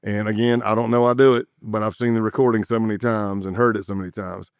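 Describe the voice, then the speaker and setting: A man's voice: fairly low pitch, quick pace, smooth, no room sound, clean studio sound. A man who was once an undercover agent tells his stories in a podcast interview, vividly and with sound effects and repeated words. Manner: vivid, animated storytelling with sound effects and repetitions.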